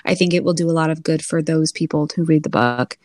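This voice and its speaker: A woman co-hosting a podcast in casual chat, animated and laughing often. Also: low-pitched, fast, no room sound, clean studio sound. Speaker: podcast co-host.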